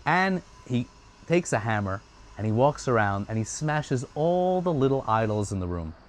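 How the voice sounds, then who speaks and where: A male storyteller recounts a tale in a loose, conversational manner. His voice sits in a middle range, and he grows animated as he goes along. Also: mid-range voice, moderate pace. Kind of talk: casual oral storytelling.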